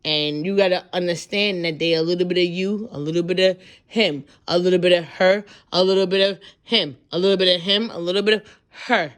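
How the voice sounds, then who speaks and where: A woman in her thirties giving a loud, profane, animated pep talk as a tarot reader, acting out voices as she goes. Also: fairly low pitch, fairly quick.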